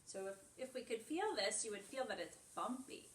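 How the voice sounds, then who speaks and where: A woman preschool teacher reading a picture book aloud to young children in an animated storytelling voice. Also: fairly high pitch, normal speed, a little hiss or hum. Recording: echoey room, voice from far off.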